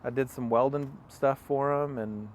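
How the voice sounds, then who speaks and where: A man's voice: medium pitch, steady tone, normal speed, slight background noise. A young man, an interview guest, telling a long personal story in a casual, rambling way with many fillers and acted-out quotes. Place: outdoors on a farm.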